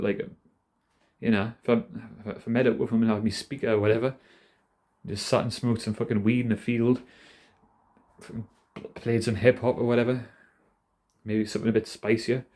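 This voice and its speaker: A man's voice: mid-range voice, steady tone, a little fast, a little mellow. A man in his thirties with a Geordie accent, rambling casually and self-deprecatingly to camera, swearing a lot. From North East England. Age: 30s. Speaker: vlogger.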